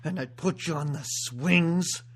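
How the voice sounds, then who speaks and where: A podcast host putting on a grave, middle-aged father's voice, speaking slowly and earnestly while recapping a movie scene. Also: medium pitch, lightly acted.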